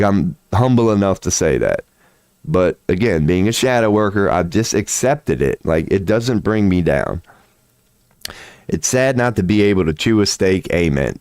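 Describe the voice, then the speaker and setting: A man's voice: fairly low pitch, no room sound, clean studio sound. Candid, profane man telling stories. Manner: candid, profane, animated storytelling with quoted voices. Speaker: tarot reader and streamer. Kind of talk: casual livestream chat.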